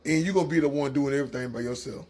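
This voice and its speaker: A man's voice: mid-range voice, very fast, a little mellow, husky. A man giving a preachy opinion monologue, lecturing in colloquial speech. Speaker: commentator.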